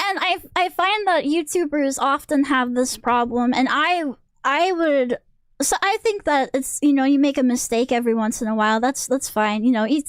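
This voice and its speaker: High-voiced woman ranting on stream. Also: no room sound, studio quality. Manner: rambling, self-interrupting, exasperated. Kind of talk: casual stream rant.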